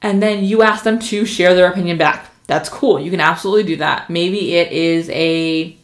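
Woman marketing coach, lowish voice, quick and excited, roomy echo. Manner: fast, energetic and passionate, with many fillers. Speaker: social media marketing coach. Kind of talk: casual instructional talk to camera.

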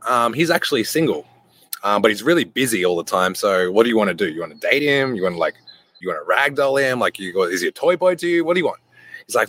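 A young adult man hosting a podcast, telling a casual story full of cursing, who jumps into quick voices for the people in his anecdote. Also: mid-range voice, dry recording. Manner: animated, swears freely, acts out voices in anecdotes. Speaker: podcast host.

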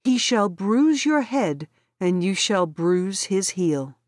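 A woman's voice: mid-range voice, big pitch swings, slow, a little mellow, no room sound, clean studio sound. A woman reading as a stern, grieving God. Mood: grave.

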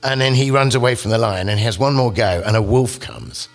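A man giving a literature lecture, telling the story with animated, acted-out quotes. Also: medium pitch, brisk, soft background music.

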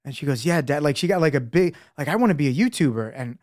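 A man's voice: a little high, animated, fast, darkish tone, no room sound, studio quality. A man in his thirties co-hosting a casual podcast, a father telling earnest stories and acting out quotes. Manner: earnest storytelling, acts out quotes.

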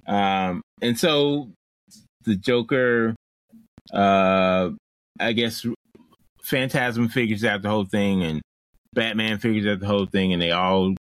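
A man's voice: fairly low pitch, slow, long pauses, a bit bright, dry recording, low-quality recording. Casual man recapping a movie plot. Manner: rambling plot recap with restarts and playful quoted voices. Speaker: podcast co-host. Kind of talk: casual chat recapping a film.

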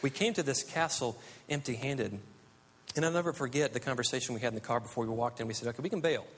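Earnest preacher with long hall reverb. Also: male voice, medium pitch, fast, fairly bright tone. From United States. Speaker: pastor. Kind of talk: sermon.

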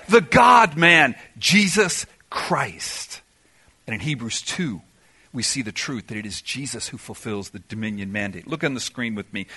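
A man's voice: sits high, sharp tone. A man preaching a sermon in an auditorium, emphatic, firing off rhetorical questions and answering them himself. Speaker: pastor.

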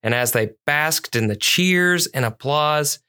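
A storyteller narrating a children's police story at a measured, clear pace. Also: medium pitch, lively intonation, pushed and bright.

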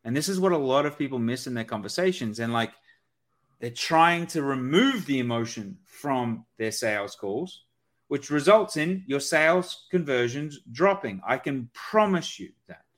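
With a mid-range voice at a moderate pace, this guest brings lively energy to a podcast conversation about sales. He plays out sample sales-call exchanges as he talks.

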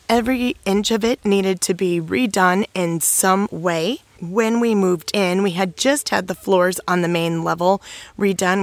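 A woman in her thirties talking to other mothers in a casual storytelling monologue, animated and acting out the dialogue she recounts. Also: no room sound. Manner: animated, acts out quoted dialogue with pitch jumps. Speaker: speaker addressing mothers.

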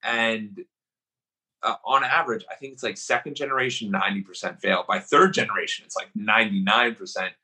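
Podcast host guy, bright kinda husky voice, upbeat and eager, asks lots of questions. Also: lowish voice, brisk, low-quality recording. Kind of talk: casual interview.

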